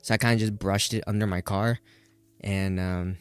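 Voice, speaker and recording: A man's voice: lowish voice, fairly even intonation, normal speed, smooth, dry recording. A man co-hosting a podcast, telling stories in a brash, laughing, casual way. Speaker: podcast co-host. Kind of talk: casual chat.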